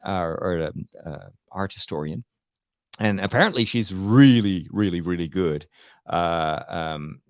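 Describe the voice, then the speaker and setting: Gravelly man, chatty and halting. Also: lowish voice, no room sound, clean studio sound. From Netherlands. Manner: chatty, halting with many fillers and restarts. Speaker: priest and co-host. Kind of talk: casual chat about church news.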